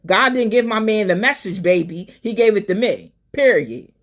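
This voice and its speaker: A woman hosting a live call-in stream, talking casually and sassily, calling people honey and baby, swinging between loud and soft. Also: medium pitch, animated, moderate pace. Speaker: live show host.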